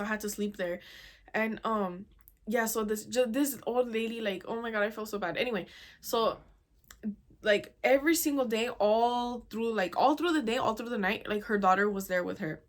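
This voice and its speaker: A young woman hosting a casual storytime chat, animated and exasperated, full of "dude" and "oh my God.". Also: mid-range voice, moderate pace. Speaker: podcast host.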